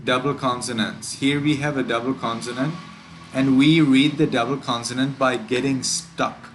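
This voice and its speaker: A man who is a Buddhist monk, teaching a class how to pronounce chant words and drawing each word out slowly and carefully. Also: mid-range voice, steady tone, slight background noise, poor audio. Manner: slow, careful, demonstrates words by drawing them out.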